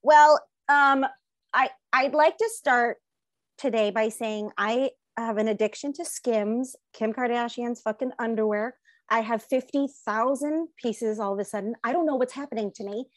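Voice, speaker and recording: High-pitched woman co-host, teasing, supportive, quick to laugh, dry sound. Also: no room sound. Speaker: podcast co-host. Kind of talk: casual chat.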